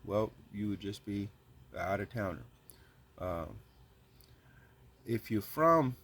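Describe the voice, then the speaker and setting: A man's voice: on the low side, a little hiss or hum. A man hosting his channel, giving earnest, slangy advice in a casual monologue. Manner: earnest, slangy, repeats points.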